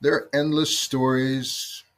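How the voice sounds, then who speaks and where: A former rugby teammate offers a reflective memorial tribute, telling a story as his voice drops at the ends of phrases. He speaks with a medium pitch and level tone at a slow pace, and his voice is a bit bright.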